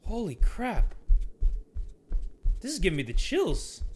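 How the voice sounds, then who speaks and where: A young man giving jokey, excitable let's play commentary on a horror game, swearing and talking to his viewers. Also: high voice, takes it slowly, noisy background. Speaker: gaming YouTuber.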